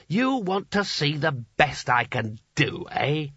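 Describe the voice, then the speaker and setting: A man's voice: a little high, big pitch swings, slow pace, a bit bright, slightly rough, dry recording, exaggerated voice. A man doing a jolly fat old wizard. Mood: coaxing. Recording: dull lo-fi dry recording.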